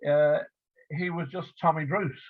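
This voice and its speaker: An older English man, an author interviewed over a video call, telling stories in a relaxed, reminiscing way with fillers. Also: fairly high pitch, measured pace. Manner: warm storytelling with fillers, acts out quoted voices. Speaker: author interviewed about his biography. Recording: phone-like lo-fi line.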